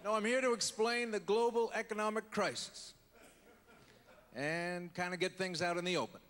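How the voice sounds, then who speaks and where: A man doing an impression of a male US president, giving a slow, deliberate speech with pauses on a live comedy stage. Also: high-pitched, steady tone, a bit bright. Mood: solemn. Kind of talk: stand-up impression. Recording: hall reverb, faint crowd ambience.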